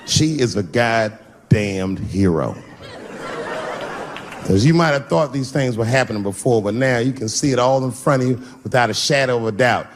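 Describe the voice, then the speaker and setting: A middle-aged man performing a loose, swaggering stand-up set, jumping to sudden high exclamations. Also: fast talker, few pauses. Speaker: stand-up comedian. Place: large theater with audience. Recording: live crowd laughter, stage noise.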